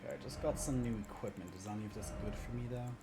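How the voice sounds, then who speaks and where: A man's voice: mid-range voice, very fast, loud music behind the voice. A man streaming a video game, chatting casually and muttering sarcastic asides to himself. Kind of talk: casual gameplay commentary. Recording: stream audio with background noise.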